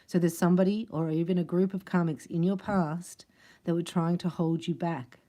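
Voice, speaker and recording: A woman giving a casual spiritual tarot reading, chatty and quick to laugh. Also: fairly low pitch, steady tone, mellow. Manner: chatty, laughs often, acts out other voices. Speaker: tarot reader.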